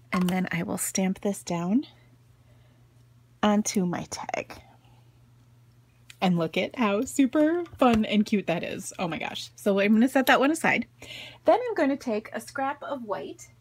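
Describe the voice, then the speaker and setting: Chatty woman with a gravelly, husky voice. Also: medium pitch, a little mellow. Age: middle-aged. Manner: chatty, giggly, self-deprecating asides. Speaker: craft video host. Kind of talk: casual crafting tutorial. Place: home craft room.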